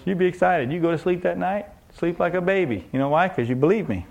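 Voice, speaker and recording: A man preaching in a loose, conversational way, stopping often to ask his listeners rhetorical questions. His voice sits a little high and has a gravelly rasp. He acts out small scenes as he goes. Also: lively intonation, fast, few pauses, a little mellow. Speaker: pastor. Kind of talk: sermon.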